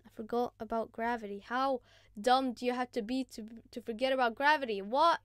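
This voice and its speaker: A woman hosting a gaming channel, giving casual gameplay commentary in an excitable, chatty, self-mocking way. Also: a little high, a little fast, smooth, dry recording, clean studio sound.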